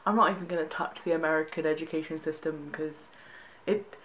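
A woman's voice: low-pitched, steady tone, brisk, a bit bright, a little hiss or hum. A young woman from Britain reacting to tweets in a casual vlog, amused, laughing often and restarting her sentences. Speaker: vlogger.

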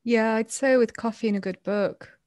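A woman in an online class on a video call, thinking aloud and pausing with hums. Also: on the high side, a little mellow, dry recording. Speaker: webinar participant. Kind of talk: casual discussion.

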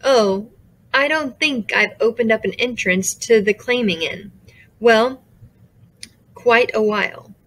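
A woman's voice: fairly high pitch, slow pace, pauses often, fairly bright tone. A woman voicing a jittery, easily distracted male creature guardian who rambles sheepishly in a storybook reading. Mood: rambling.

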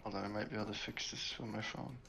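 A man's voice: lowish voice, fairly even intonation, quick pace, vocal fry, bright, forceful tone. A man chatting casually with his sister while playing a shooter game, giggling often. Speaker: gaming partner, host's brother. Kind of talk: casual gameplay chat. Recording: noisy background with clicks.

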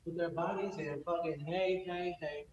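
A man's voice: on the high side, steady tone, moderate pace, a little mellow, echoey room, highs cut off, slight background noise. A man goofing around on a casual livestream, joking crudely, laughing, and rapping off the cuff. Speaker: livestream host.

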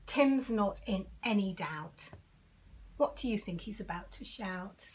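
Give me an older woman reading a picture book to kids, slow with lots of swoops in pitch. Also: animated. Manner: sing-song, dramatic whispers. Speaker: storyteller. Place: at home.

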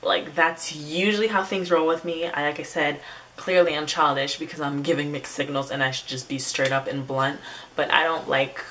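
A woman's voice: low voice, fairly even intonation, normal speed, a bit bright, recorded from a distance, a little hiss or hum, poor audio. A woman YouTuber chatting casually through a storytime vlog, with casual slang and swearing.

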